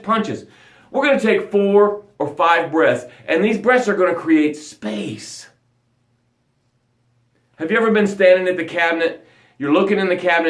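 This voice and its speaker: A man coaching viewers on a live motivational broadcast, acting out quoted voices. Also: high-pitched. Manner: animated, acts out quoted voices. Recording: roomy echo.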